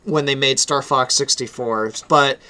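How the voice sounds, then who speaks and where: American male streamer, smooth clear voice, casual chatty delivery. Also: mid-range voice, unhurried. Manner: relaxed, chatty, laughs often. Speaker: stream host and game developer. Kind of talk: casual live-stream chat.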